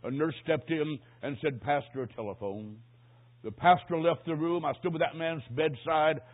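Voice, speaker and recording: A man preaching a sermon, telling a story and acting out the voices, dropping to a hush and rising to a shout. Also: fairly high pitch, normal speed. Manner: swings from hushed to shouting, acts out quotes. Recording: tinny phone-like sound.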